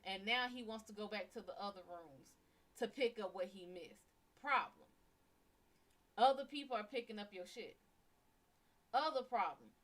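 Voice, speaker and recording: Blunt, cussing woman telling a story. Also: a little high. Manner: blunt, heavily profane, animated retelling. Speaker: psychic reader and live-stream host. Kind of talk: casual storytelling on a live stream.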